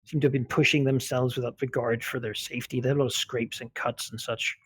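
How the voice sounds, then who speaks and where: A man's voice: medium pitch, little pitch movement, fast, a little hiss or hum. A man narrating a tabletop game as game master, hesitant and full of fillers.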